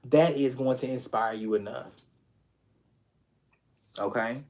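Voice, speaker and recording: A man's voice: mid-range voice, takes it slowly, darkish tone. A man reading tarot live for an online audience in a loose, conversational way. He speaks with open affection to his viewers, circles back to repeat his phrases and drops casual curse words. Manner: affectionate, talks straight to viewers. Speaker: tarot reader.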